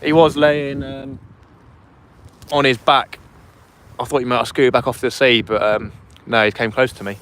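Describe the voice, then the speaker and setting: Brief: male fishing streamer, mid pitch, chatty, outdoors on a phone, faint background noise. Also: little pitch movement, moderate pace, pauses often, a bit bright. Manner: chatty, reads out chat and thanks donors. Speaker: fishing livestream host. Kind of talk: casual live-stream chat. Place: outdoors by the sea wall. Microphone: phone streaming vertically.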